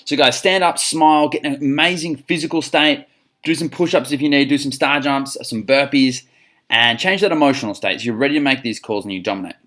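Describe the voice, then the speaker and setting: A man's voice: medium pitch, brisk, sharp tone. Upbeat Australian man coaching sales calls. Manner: upbeat, coaching, acts out both sides of calls. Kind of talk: instructional talk on phone sales.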